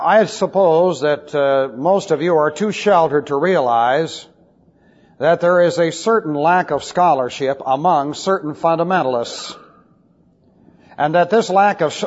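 Wry, emphatic preacher in an echoing hall. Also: male voice, on the high side. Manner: emphatic and wry, with scornful asides. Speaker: pastor. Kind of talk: expository Bible teaching. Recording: muffled old recording in a reverberant hall.

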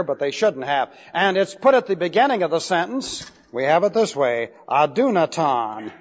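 A man teaching Bible Greek grammar in a classroom lecture, emphatic, repeating points and spelling out key words. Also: on the high side. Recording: dull lo-fi recording with long hall reverb.

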